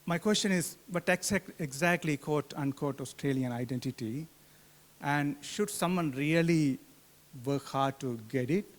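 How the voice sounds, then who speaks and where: A man in his forties, a book club member asking a halting question full of restarts. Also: fairly high pitch. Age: 40s. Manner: halting, many fillers and restarts, soft laugh. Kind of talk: hesitant audience question. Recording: hall reverb.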